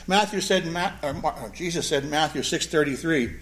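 A man's voice: fairly high pitch, brisk, few pauses. A man preaching a sermon with a joking, storytelling delivery and asides on the original Greek. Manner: animated, joking storyteller who explains the Greek. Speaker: pastor.

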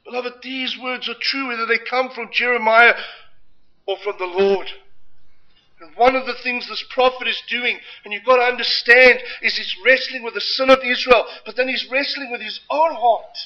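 Impassioned high-voiced male preacher. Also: fairly even intonation, moderate pace. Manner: impassioned, emphatic preaching with dramatic swings in loudness. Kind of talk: sermon. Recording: dull lo-fi recording.

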